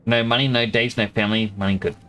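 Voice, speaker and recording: A man's voice: on the low side, steady tone, fast, fairly bright tone, clear, resonant tone. A man with an Australian accent giving casual, joking commentary while streaming a game. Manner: chatty, joking, thinks aloud.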